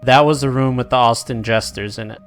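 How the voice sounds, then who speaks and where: A man narrating a tabletop game as game master, casual and profane, dropping into quick quotes of the characters. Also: medium pitch, fairly even intonation, faint music behind.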